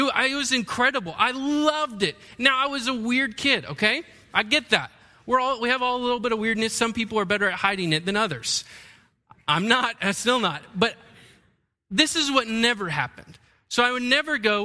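A man preaching a sermon as the pastor, telling stories with animated delivery and acting out the quotes. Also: very high-pitched, big-room sound. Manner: animated storytelling, acts out quotes.

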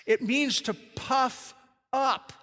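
Bright-voiced pastor preaching emphatically. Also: male voice, extremely high pitch, extremely slow. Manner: emphatic, varies pace, engages congregation with questions. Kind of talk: sermon. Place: church sanctuary. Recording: reverberant church hall.

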